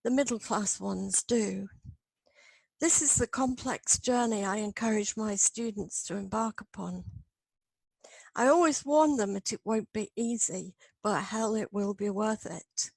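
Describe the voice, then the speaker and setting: A middle-aged woman academic reading her paper aloud in a measured, earnest way. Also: mid-range voice, vocal fry, no room sound, low-quality recording. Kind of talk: read-aloud lecture.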